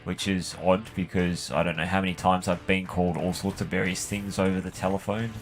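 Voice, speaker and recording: An Australian man with a fairly low voice chats while he games. He rambles and swears freely and fills his talk with "like" and "you know". His tone stays loose and offhand. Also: little pitch movement, brisk, faint music behind. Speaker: gaming channel host. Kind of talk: casual storytelling while playing a game.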